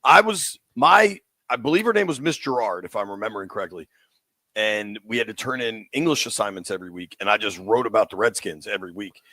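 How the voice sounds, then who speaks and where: A man in his forties hosting sports talk radio, excited and rambling in casual banter. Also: fairly low pitch, a little fast, dry recording. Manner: excited, rambling, laughs easily.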